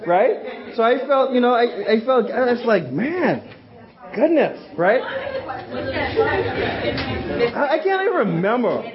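A man's voice: extremely high pitch, big pitch swings, moderate pace, crowd noise. A young man teaching a class, rambling, repeating words and asking the room questions, in a slightly muffled recording. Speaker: youth teacher. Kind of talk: interactive class talk.

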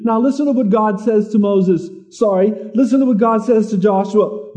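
A man preaching a sermon in a conversational way, who repeats words and reads scripture slowly. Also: sits high, mellow, muffled recording.

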